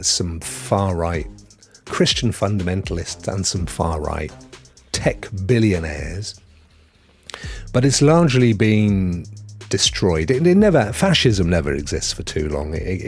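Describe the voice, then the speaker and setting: A man with a lowish voice talks casually on a live stream, his pitch swinging widely as he goes. He answers viewers from the chat in a chatty way. Faint music plays in the background. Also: darkish tone. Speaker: streaming host.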